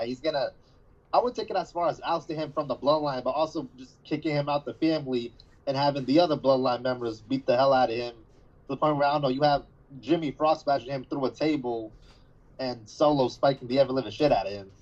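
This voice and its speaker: A man's voice: mid-range voice, fast talker, a little mellow. A man co-hosting a podcast, rambling casually through his predictions with plenty of swearing. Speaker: podcast co-host. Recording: dull lo-fi sound.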